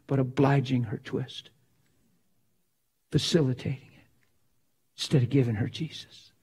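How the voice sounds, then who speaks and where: A man preaching a sermon, emphatic and dramatic, swinging from loud to hushed. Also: on the high side.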